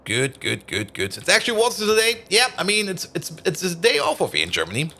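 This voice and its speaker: A man with a fairly high, bright, forward voice, talking through a live game stream. His pitch swings widely as he chats with viewers, and he laughs easily between remarks. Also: wildly swooping pitch, fast. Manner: chatty, laughs often, greets chat.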